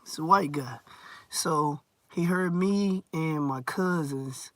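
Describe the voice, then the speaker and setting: A man telling a story in a loose, rambling vlog style, often repeating words and clearing his throat. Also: a little high, slow, no room sound.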